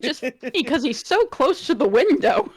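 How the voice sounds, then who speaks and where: A woman playing in a tabletop game, chatting casually, with quick asides and laughs. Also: sits high, very animated, dry recording. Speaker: player.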